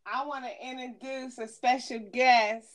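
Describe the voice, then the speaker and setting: A woman's voice: sits high, flat delivery, a little slow, fairly bright tone. A woman co-hosting a podcast in casual chat, coaxing a guest and laughing often. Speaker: podcast co-host.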